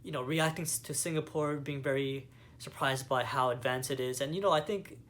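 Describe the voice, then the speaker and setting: A man's voice: mid-range voice, a little fast, fairly bright tone. A young man from Canada giving a casual movie review, rambling with lots of fillers and enthusiasm. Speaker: vlogger.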